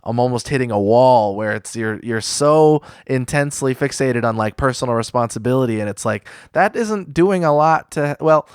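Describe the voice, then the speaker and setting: A man hosting a podcast who talks in a measured, reflective way, often pausing with fillers as he works through his thoughts. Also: mid-range voice, expressive, clear, resonant tone, no room sound, studio quality. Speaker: podcast host. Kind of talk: casual podcast conversation.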